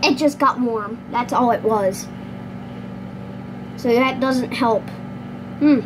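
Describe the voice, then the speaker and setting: A woman's voice: fairly high pitch, slow, noisy background. A young woman making a casual home vlog, breaking into exasperated outbursts of disbelief. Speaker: vlogger.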